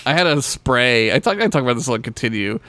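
A man's voice: mid-range voice, very animated, fast, sharp tone, dry recording. A man co-hosting a podcast, telling stories in a sardonic, profane, casual way. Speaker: podcast co-host. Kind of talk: casual chat.

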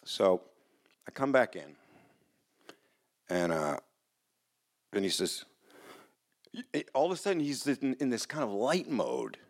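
A man's voice: mid-range voice, wildly swooping pitch, a little slow, pauses often. A man telling a personal story live on stage in a casual, rambling way, swearing and restarting his sentences. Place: small hall in front of a live audience.

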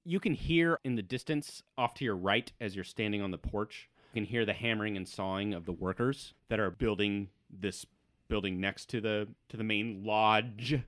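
Relaxed man narrating a tabletop game. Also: lowish voice, normal speed, no room sound, clean studio sound. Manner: descriptive, relaxed, occasional fillers. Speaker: game master.

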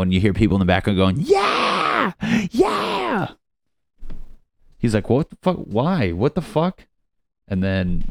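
A man with a deep, low voice rambles through a profane, mocking rant on his own show. The sound is dry and close, with almost no room around it. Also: no room sound. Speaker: podcast host. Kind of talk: casual comedic rant.

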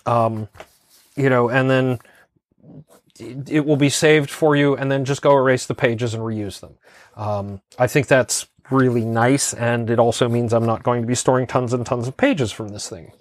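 This podcast co-host has a medium-pitched, steady voice and talks at a moderate pace in a casual chat. His manner is easygoing and hesitant, full of fillers, and the recording is dry with clean studio sound.

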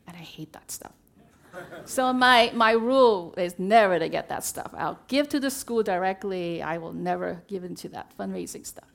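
A woman's voice: medium pitch, animated, normal speed, vocal fry. A middle-aged woman giving an earnest personal testimony at church, telling her story and acting out the dialogue along the way. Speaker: church member sharing a testimony.

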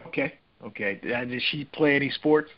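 A man's voice: medium pitch, fairly quick. A man hosting a podcast, mostly giving brief reactions and asking short questions. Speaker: podcast host. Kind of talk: casual interview. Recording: dull, lo-fi sound.

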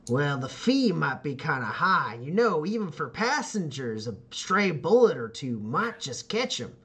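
A man's voice: on the high side, sing-song, a little slow, fairly bright tone, breathy edge, full character voice. A man voicing a tough, scarred middle-aged nomad woman who talks brash and teasing. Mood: menacing.

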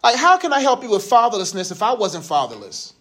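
A man's voice: high-pitched, huge pitch swings, fast, fairly bright tone. A man in his thirties giving a casual, joking Bible lesson to a youth group. He uses slang and asks the group questions.

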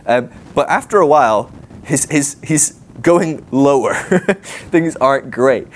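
A man giving a sermon in a loose, conversational way, animated and thinking aloud with fillers and quick laughs. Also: medium pitch. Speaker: preacher. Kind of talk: sermon teaching.

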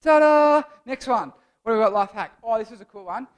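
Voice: medium pitch, fast talker. A young adult giving a casual, jokey youth sermon as a church speaker, rambling and playful.

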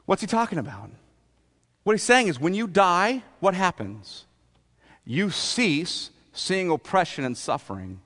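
A man's voice: high-pitched, big pitch swings, a little slow, a bit bright, in a large hall. A man preaching a sermon as pastor, talking in a conversational way and often asking the congregation rhetorical questions.

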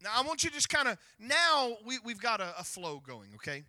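A male pastor preaching a sermon, emphatic and rising to near-shouts as he retells scripture. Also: very high voice, sing-song, fairly quick, no room sound.

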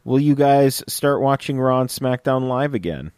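A relaxed young man chats casually as a podcast co-host. He reads listener questions aloud and answers them in an easygoing way. His voice sits at a middle pitch, and the recording is dry and close with no room sound. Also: normal speed, clear, resonant tone, no echo. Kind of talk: casual chat.

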